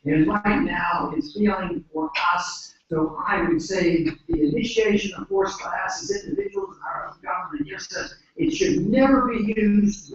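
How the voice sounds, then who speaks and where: An American man giving an earnest, emphatic speech at a conference, pausing often with hesitations. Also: high-pitched, a little hiss or hum. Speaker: conference speaker. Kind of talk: speech to an audience. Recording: echoey hall, distant mic, dull lo-fi.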